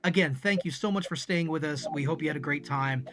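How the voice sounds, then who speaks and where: A man's voice: fairly high pitch, brisk, a crowd in the background, lightly acted. A man voicing a polite, patient male hotel manager in a story, speaking in a courteous, formal way.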